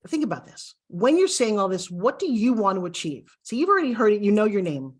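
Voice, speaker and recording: A woman's voice: mid-range voice, big pitch swings, fairly quick, husky. A middle-aged woman teaching a video course, speaking in an upbeat coaching style straight to the viewer. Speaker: course instructor.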